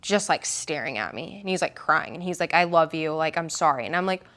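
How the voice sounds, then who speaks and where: A woman's voice: deep voice, animated, a little fast, a bit bright. A young woman from Oklahoma telling her story in an interview, rambling and full of "like" and quoted dialogue.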